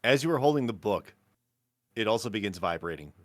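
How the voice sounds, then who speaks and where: Animated game master narrating, dry sound. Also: male voice, on the low side, a little fast, dry recording. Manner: casual, laughs often, fills with "like".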